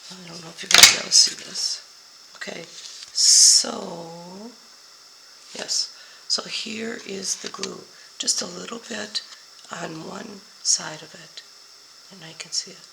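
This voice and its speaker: An older woman with a hoarse voice, slowly explaining each step of a papercraft card tutorial while she works. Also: lowish voice, fairly even intonation, background noise. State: hoarse, voice going out. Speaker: papercraft demonstrator.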